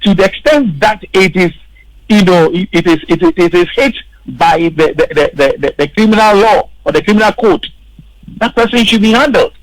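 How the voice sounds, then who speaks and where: On a radio panel in a studio, a male political commentator with a high-pitched voice drives his points home emphatically, repeating words for stress. He speaks at a moderate pace, and the recording is rough but has no echo.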